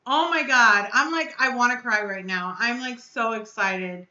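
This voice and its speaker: A woman's voice: fairly high pitch, lively intonation, a little slow, hardly any pauses, bright, forceful tone, reverberant, highs cut off. A woman hosting a casual live stream, chatting effusively and answering her viewers' comments aloud. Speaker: vape reviewer hosting a live chat.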